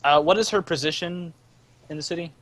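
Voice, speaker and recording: A man's voice: on the high side, brisk, a bit bright, no echo. A man playing a tabletop game, describing his character's actions and asking the game master questions. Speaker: player. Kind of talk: casual tabletop game play.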